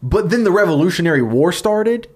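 A man telling a story on a comedy podcast, talking fast and loosely. He piles on fillers and jokes as he goes. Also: high voice, a little hiss or hum. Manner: fast, animated retelling with fillers and laughs. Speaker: podcast co-host pitching a story.

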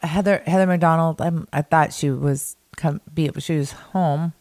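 Deep-voiced gossipy woman co-host, dry mic. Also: fairly even intonation, a little slow, darkish tone, no room sound. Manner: gossipy, breaks into high-pitched quoted voices. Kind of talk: casual podcast chat.

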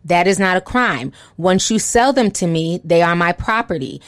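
A woman reading out a smug, cruel man's taunting posts in a slow, cold, mocking tone. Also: on the low side, lively intonation, no echo, lightly acted.

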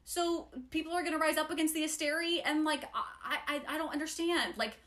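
A woman co-hosting a podcast, chatting casually about a book, animated and quick to chime in with agreement. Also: high voice. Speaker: podcast co-host. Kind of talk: casual book discussion chat.

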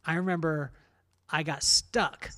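Higher-voiced man hosting a podcast. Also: fairly even intonation, unhurried, pushed and bright. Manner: self-deprecating, rambling with restarts. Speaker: podcast host. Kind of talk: casual storytelling interview.

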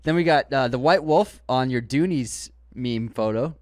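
A man's voice: mid-range voice, moderate pace, dry recording. A man with a Boston accent co-hosting a podcast in casual chat, reading listener comments aloud with mock outrage. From Boston area. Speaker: podcast co-host.

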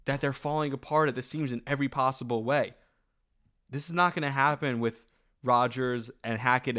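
A man hosting a podcast, talking about football in an animated, opinionated way with quick asides and restarts. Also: mid-range voice. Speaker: podcast host. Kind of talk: casual sports talk.

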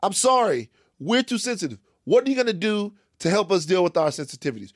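A man from Louisiana, co-hosting a casual comic chat and telling lively stories. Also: high-pitched, quick pace, no room sound, clean studio sound. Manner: animated storyteller, acts out other voices. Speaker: podcast co-host.

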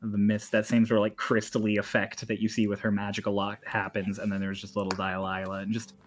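A man's voice: fairly low pitch, completely flat delivery, fast. A man narrating as game master for a tabletop game, in a loose, chatty way full of "like" and "just".

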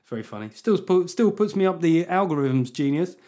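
A man's voice: high voice, animated, fairly quick, warm tone. A male comedian hosting his podcast, reading listener reviews with wry, self-mocking asides. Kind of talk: casual comedic chat.

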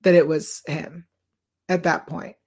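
A woman's voice: deep voice, level tone, unhurried, darkish tone. A woman co-hosting a podcast, talking through her points in a casual fan recap. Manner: chatty and reasoned, builds points with fillers. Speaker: podcast co-host.

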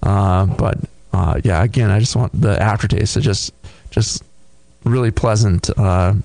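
Gravelly, halting man talking beer. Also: fairly low pitch, a little mellow, dry recording. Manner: thoughtful, halting, many fillers and restarts. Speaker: podcast co-host reviewing beer. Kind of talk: casual tasting chat.

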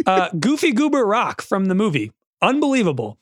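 Excited young man with a higher voice. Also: fairly quick, dry recording, studio quality. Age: 20s. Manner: enthusiastic, retells scenes acting out lines. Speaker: podcast co-host. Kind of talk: casual chat.

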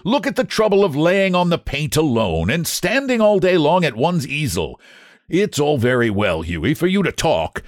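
A man voicing a flamboyant male painter who speaks in loud, exclamatory bursts. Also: mid-range voice, dry recording, studio quality, pitched above the performer's own voice, lightly acted. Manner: exclamatory, grandly teasing.

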